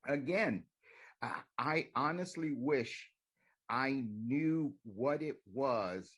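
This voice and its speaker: A man's voice: medium pitch, fairly bright tone. A man making a sarcastic, needling public comment at a city council meeting.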